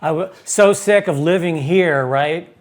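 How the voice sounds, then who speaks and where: Jokey animated man hosting a podcast. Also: a little high, unhurried. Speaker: podcast host. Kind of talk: casual interview chat.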